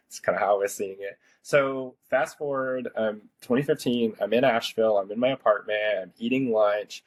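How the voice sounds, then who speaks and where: A man around thirty tells a personal story on his podcast in a relaxed, rambling way. His voice sits low and has a slightly husky edge. He fills his sentences with "like" and circles back as he thinks. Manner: chatty, rambling, heavy use of "like". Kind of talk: casual storytelling conversation.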